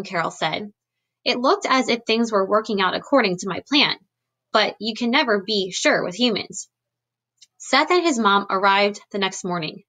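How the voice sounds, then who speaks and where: Through a computer webcam, a woman teacher gently recaps for her class before reading a storybook aloud. She speaks in a bright, clear, mid-pitched voice, animated and at a normal speed.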